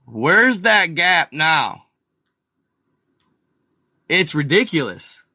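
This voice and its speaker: A man's voice: on the high side, very animated, drawn-out words, bright, forceful tone, dry recording, clean studio sound. A man hosting a live stream, rambling casually over a map, calling his viewers y'all and muttering exasperated asides to himself. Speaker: channel host.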